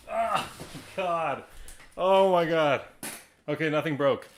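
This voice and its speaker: A man hosting a live stream from a card shop, talking to viewers in an excitable, rambling way and laughing often. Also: a little high, takes it slowly, pauses often, a little hiss or hum. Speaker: livestream host of a card shop.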